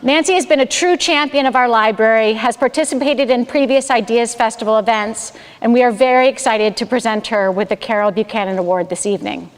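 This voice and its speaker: Woman library director, formal welcome, measured read, high voice, reverberant hall. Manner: reads prepared remarks, measured. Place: town hall event space. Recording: roomy hall with long reverb.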